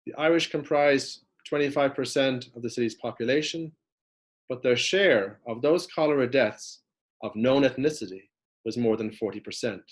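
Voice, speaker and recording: A man giving a prepared lecture, reading steadily from notes as he walks through maps. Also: medium pitch. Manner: measured, reads from notes with map references.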